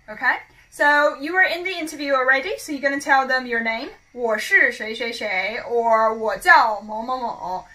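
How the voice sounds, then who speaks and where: Woman language teacher, bright, slightly high voice, patient drills of phrases. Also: rough recording. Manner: clear, slow repetitions of model phrases. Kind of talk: language lesson.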